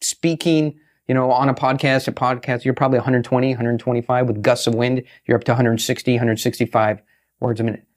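Brash, swearing man talking fast. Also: medium pitch, level tone. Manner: brash, swears, acts out quotes in voices. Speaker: guest, author and pitch expert. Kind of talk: fast casual podcast talk.

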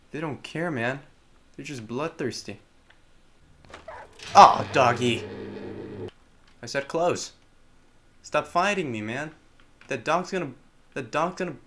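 A young man with a fairly high voice gives casual, joking commentary on a horror game, talking to the characters and letting out loud yelps as the gameplay commentator.

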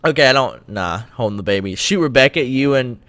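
Male streamer, live game commentary, disbelieving exclamations, animated. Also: medium pitch, a little fast.

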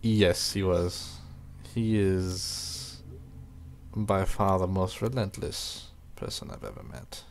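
A man's voice: deep voice, lively intonation, slow pace, gravelly, slight background noise. A man commentating playfully while playing a horror game with a friend. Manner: playful, reactive, puts on voices. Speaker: co-host gamer. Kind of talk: let's play commentary.

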